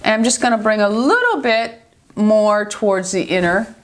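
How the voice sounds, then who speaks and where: An older woman with a New York accent talks her viewers through a makeup tutorial. She is chatty and affectionate, and she keeps checking in with a quick "okay?". Her voice sits at an ordinary middle pitch. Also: animated. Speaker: beauty vlogger.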